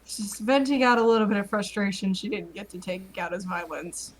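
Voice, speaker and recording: A woman's voice: mid-range voice, a little fast, rough recording. A woman playing in a tabletop game, describing her character's actions in a loose way, full of fillers. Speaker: player.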